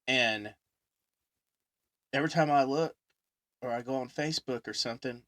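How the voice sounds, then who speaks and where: A man hosting a podcast in casual chat, telling animated, rambling stories full of fillers. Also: mid-range voice, moderate pace, dry recording, studio quality. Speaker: podcast host.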